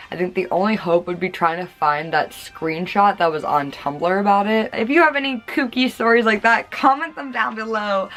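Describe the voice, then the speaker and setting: A young adult woman telling a storytime vlog in a chatty, casual way, full of "like" and "oh my god". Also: fairly low pitch. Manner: chatty, lots of "like" and "oh my god" gasps. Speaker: vlogger.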